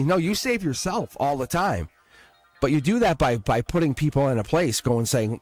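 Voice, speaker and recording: A man giving a live-stream tarot reading, excitable and blunt, swearing and laughing as he talks to viewers. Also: medium pitch, fairly quick, no echo, soft background music. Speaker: tarot reader.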